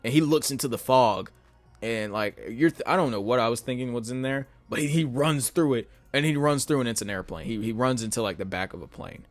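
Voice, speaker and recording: A man's voice: mid-range voice, a little fast, dry recording, soft background music. A man giving a casual spoken film review in a weary, rambling way, with many fillers and restarts. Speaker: YouTube movie reviewer.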